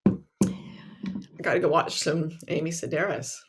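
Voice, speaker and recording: A woman hosting a casual podcast who tells stories in an animated, self-mocking way and laughs often. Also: low-pitched, slow pace, music in the background. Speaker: podcast host.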